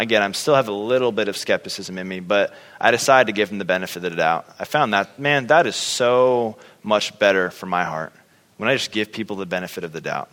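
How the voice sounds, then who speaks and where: A man's voice: lowish voice, normal speed, a bit bright. A man telling a personal faith story in a casual, chatty way, with lots of fillers and acted-out reactions. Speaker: speaker sharing a testimony. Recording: long hall reverb.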